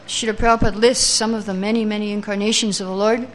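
A woman leads a scripture class, chanting verses slowly before reading them out and explaining each one. Her voice sits at an ordinary middle pitch, and a faint hiss of background noise runs under it. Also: fairly even intonation. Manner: chants Sanskrit verses slowly, then reads translations and explains; takes answers from the class.

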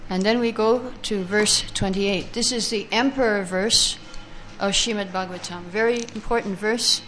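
A woman teaching a scripture class who chants verses slowly, then reads the translations and explains them, taking answers from her listeners. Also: mid-range voice, steady tone, fairly bright tone, soft background music.

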